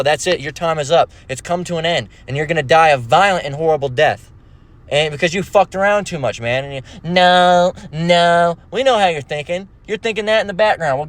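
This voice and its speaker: A man in an aggressive, scornful religious rant, full of cursing and mockery. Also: fairly high pitch. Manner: aggressive, scornful, mocks others in put-on voices. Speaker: religious video preacher.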